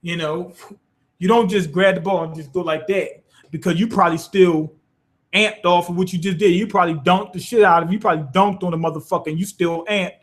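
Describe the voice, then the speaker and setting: A man with a notably high voice talks through an anime episode in an off-the-cuff review. His speech is loose and profane. He keeps showing what he means as he explains it. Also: steady tone, brisk. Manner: loose and profane, demonstrating with gestures. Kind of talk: casual spoken episode review.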